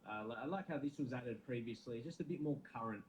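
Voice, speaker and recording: A man's voice: medium pitch, quick pace, a little hiss or hum, low-quality recording. Chatty man rambling over gameplay. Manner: chatty, rambling, frequent restarts. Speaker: gaming channel host. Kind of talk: casual let's-play commentary.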